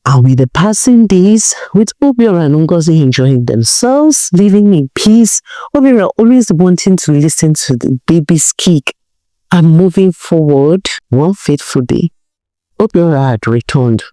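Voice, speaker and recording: A woman narrating a folk tale in a conversational, expressive way. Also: fairly low pitch, a little slow, no room sound, clean studio sound. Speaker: storyteller.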